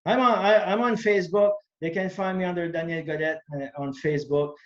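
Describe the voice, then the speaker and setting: A man's voice: sits high, a little fast. A male karate instructor from New Brunswick, chatting as a guest in a friendly, teasing way that repeats itself. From New Brunswick, Canada. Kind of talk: casual interview chat. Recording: dull lo-fi remote audio.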